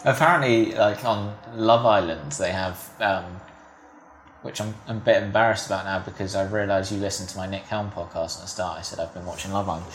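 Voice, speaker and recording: A man hosting a podcast in a casual conversation. He talks in a relaxed, loose way with many fillers. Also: low-pitched, brisk, a little hiss or hum. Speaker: podcast host.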